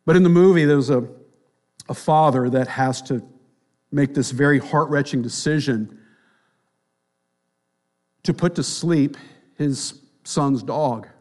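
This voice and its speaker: Man preaching, hushed to emphatic. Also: a little high, slow pace, long pauses. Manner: dynamic, swings from hushed near-whispers to loud emphatic passages. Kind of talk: sermon.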